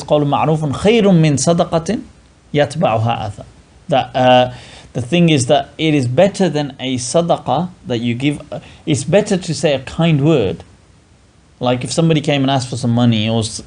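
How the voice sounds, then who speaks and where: A man's voice: medium pitch, a little mellow. A man teaching a classical religious text to a class, casual and joking, often acting out grumbling people. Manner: jokey, acts out grumbling people in asides.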